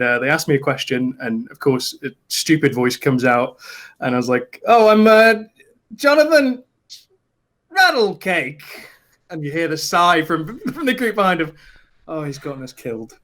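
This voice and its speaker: Relaxed man telling a story. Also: medium pitch. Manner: relaxed storyteller, laughs easily. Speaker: dice company founder. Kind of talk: casual interview answers.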